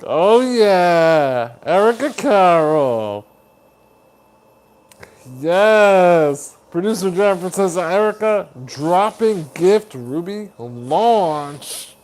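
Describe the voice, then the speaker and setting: A man hosting a live stream chat. He reads viewer comments aloud, greets people warmly by name as buddy and honey, and laughs often. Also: high voice, expressive, extremely slow. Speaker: livestream host.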